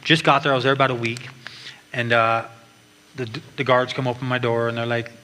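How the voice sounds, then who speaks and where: Telling his story with frequent restarts, a man delivers a heartfelt testimony at church in a mid-range voice that is level, brisk, bright, and forceful. The large hall gives a long reverb, and faint background noise is present.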